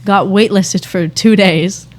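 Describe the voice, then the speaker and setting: Soft-spoken young woman from Boston. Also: medium pitch, takes it slowly. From Boston area. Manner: soft-spoken, relaxed, lots of "like" and "um". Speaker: guest. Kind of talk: casual interview chat.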